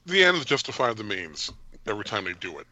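A man co-hosting a podcast, talking in animated, opinionated casual chat. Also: lowish voice, quick pace. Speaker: podcast co-host.

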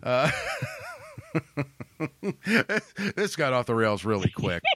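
A man hosting a podcast in casual comedic chat, with a gravelly voice, joking and laughing often. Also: medium pitch, animated, takes it slowly, fairly bright tone, no room sound. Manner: jokey, laughs often, exclamations. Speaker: podcast host.

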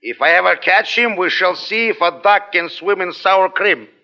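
A sneering Russian neighbor. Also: male voice, sits high, moderate pace, bright, forceful tone. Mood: threatening. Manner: theatrical, mock-menacing threats. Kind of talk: 1940s radio comedy acting. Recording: dull old radio broadcast with hiss.

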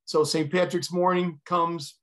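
A man's voice: a little high, flat delivery, unhurried, fairly bright tone. Earnest middle-aged man telling a story. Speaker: retired fire chief, podcast guest. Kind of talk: personal storytelling.

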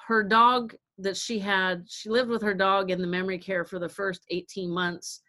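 A woman's voice: medium pitch, steady tone, normal speed, a bit bright. A middle-aged woman telling a caregiving story in casual talk, acting out quotes and laughing often. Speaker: guest caregiver.

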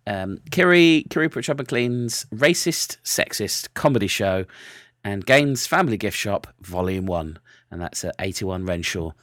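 Deep-voiced male podcast host. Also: lively intonation, unhurried, fairly bright tone, no room sound, clean studio sound. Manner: rambling, with frequent restarts and filler. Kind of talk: casual chat.

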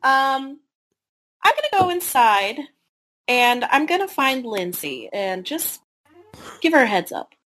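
A man voicing a worried young woman in a tabletop game, in a high, soft voice. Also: big pitch swings, slow pace, long pauses, exaggerated voice.

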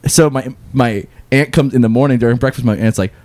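A man's voice: mid-range voice, fairly quick, dry recording. A man chatting casually on a podcast, telling stories and laughing often. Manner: animated storyteller, laughs often.

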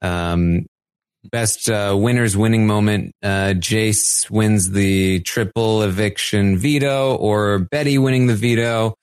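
A man co-hosting a podcast in casual chat, relaxed and hesitant, with many fillers. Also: fairly low pitch, takes it slowly, clean tone, no room sound, clean studio sound. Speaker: podcast co-host.

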